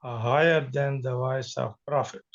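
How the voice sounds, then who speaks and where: A man as a student, quietly repeating the teacher's translations back, heard with a dull lo-fi sound. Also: medium pitch, steady tone, normal speed.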